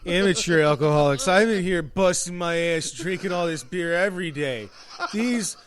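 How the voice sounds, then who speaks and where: A man's voice: sits high, normal speed, lightly acted. A man with an Irish accent playing a miserable old drunk man at a bar, grumbling scornfully.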